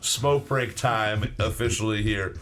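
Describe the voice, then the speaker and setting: Low-ish guy podcast co-host, loose chatty talk, swears a lot, keeps restarting. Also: fairly even intonation, slow, fairly bright tone. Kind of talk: casual podcast chat.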